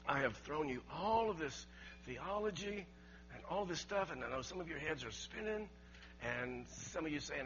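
Bright emphatic preacher man. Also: on the high side. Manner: emphatic preaching, swings from loud to quiet. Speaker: pastor. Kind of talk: sermon. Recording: dull lo-fi sermon recording with faint mains hum.

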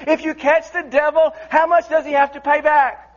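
A male preacher delivers a sermon in a high voice. He drives points home with repetition and many restarts. The recording sounds dull and lo-fi. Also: fairly even intonation, normal speed. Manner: impassioned, repetitive, stammering restarts.

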